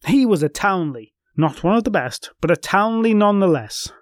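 A man's voice: high-pitched, expressive, moderate pace, no echo, studio quality. A man hosting a folklore podcast, telling the tale with wry personal asides. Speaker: podcast host. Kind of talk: scripted folklore storytelling.

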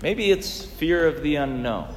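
A man's voice: on the high side, expressive, a little slow, long reverb tail. A man preaching a sermon in earnest tones, asking rhetorical questions and swinging his emphasis up and down.

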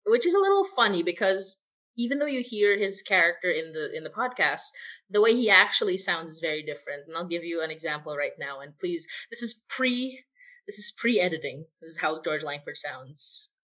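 A woman's voice: lowish voice, lively intonation, a little fast, fairly bright tone. Chatty laughing woman podcast writer. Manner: rambling, chatty, laughs often. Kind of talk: casual behind-the-scenes chat.

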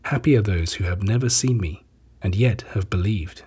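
A man voicing a calm, gentle risen Jesus in a solemn, measured scripture reading. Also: fairly low pitch, slightly rough.

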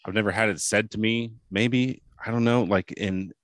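A man in his late thirties tells a halting, profane story in casual chat on a podcast. His voice sits a little low. The sound is dry and close. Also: fairly even intonation, no echo. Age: late 30s.

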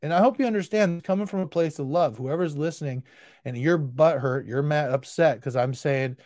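Intense, animated man giving tough love. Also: fairly high pitch, a little fast, dry recording, studio quality. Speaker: podcast host. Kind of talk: solo podcast pep talk.

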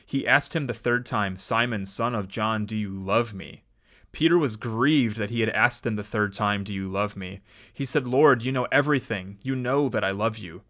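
A man's voice: fairly low pitch, moderate pace, a bit bright. A man hosting a faith podcast, chatting loosely with many fillers and restarts, then reading a Bible passage aloud. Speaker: podcast host.

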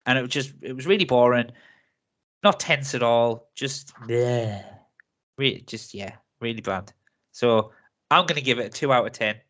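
A man's voice: mid-range voice, normal speed, a bit bright. A man hosting a casual film review chat, talking freely, ranting and laughing often. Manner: chatty, laughs often, rants with mock accents. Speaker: film review podcast host.

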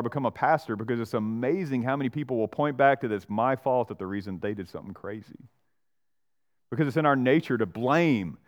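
A man who is a pastor, preaching an expository sermon in a conversational way, often tagging lines with "right?" and briefly acting out the people he quotes. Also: mid-range voice. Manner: acts out Bible characters and church members in voices.

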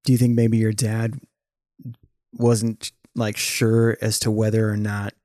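A man's voice: fairly low pitch, monotone, slow, warm tone, dry recording, clean studio sound. A man hosting a casual podcast conversation, laid-back and joking.

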